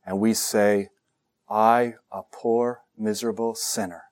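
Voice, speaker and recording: Male pastor, sermon delivery, animated with humorous asides. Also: on the low side, slow. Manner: animated, joking asides, acts out quoted voices.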